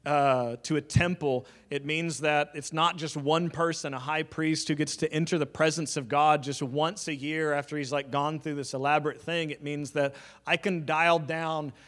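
A man delivers a sermon in an easygoing, talky way, his voice sitting slightly higher than most men's. He teaches through scripture with plenty of casual fillers and drops in light, joking asides along the way. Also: steady tone, moderate pace, fairly bright tone. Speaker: preacher.

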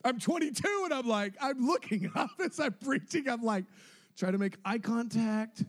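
Middle-aged male preacher, high voice, lively storyteller who plays out the quotes. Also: moderate pace. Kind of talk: sermon storytelling.

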